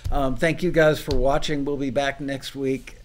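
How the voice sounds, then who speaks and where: A man hosting a casual show, telling stories about learning to produce music in a relaxed way with fillers. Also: mid-range voice, moderate pace, slight background noise. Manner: relaxed, storytelling with filler words. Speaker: host. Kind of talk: casual chat about songwriting.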